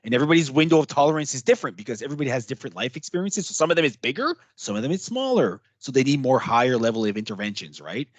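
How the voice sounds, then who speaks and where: A man giving a casual workshop talk as a trainer, chatty and animated, acting out what clients might say. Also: medium pitch, racing, few pauses, dry recording.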